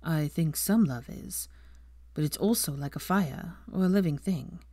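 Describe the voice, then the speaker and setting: A woman voicing a grown man, a gentle wizard, in a lowered, hushed, tender voice. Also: measured pace, dry recording, clean studio sound.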